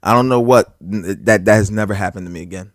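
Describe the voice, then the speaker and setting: Animated New man telling a story. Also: lowish voice, fast, dry recording, clean studio sound. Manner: animated, swearing, loud when reliving anger. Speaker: podcast co-host. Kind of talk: casual storytelling chat.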